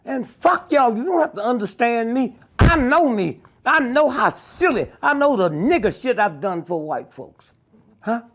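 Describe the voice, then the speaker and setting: An older man, telling stories bluntly and profanely in an interview, keeps asking "Huh?". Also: very high-pitched. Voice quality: gravelly and husky.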